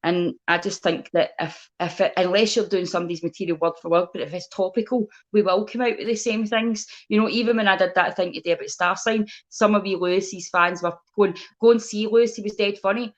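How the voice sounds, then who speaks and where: A woman's voice: fairly low pitch, fairly quick, few pauses. A Scottish woman comedian chatting as a guest, blunt and sweary, telling stories with lots of energy. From Scotland. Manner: blunt, sweary, animated storytelling. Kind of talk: casual chat.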